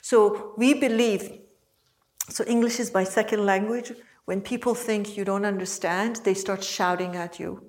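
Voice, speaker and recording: A woman teaching a workshop group in a calm, reflective way, often asking the listeners questions. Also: medium pitch, unhurried. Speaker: workshop teacher and podcast host.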